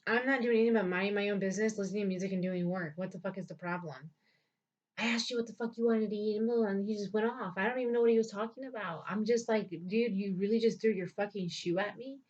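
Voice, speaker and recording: A woman's voice: medium pitch, fast talker. A woman recounting her own life story in a blunt, profane, emphatic way. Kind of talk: personal storytelling. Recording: dull lo-fi recording.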